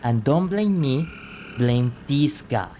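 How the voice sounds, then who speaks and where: A man's voice: medium pitch, animated, takes it slowly, mellow, a little hiss or hum. A man chatting casually as he streams a game, joking around and apologizing often. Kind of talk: casual gameplay commentary.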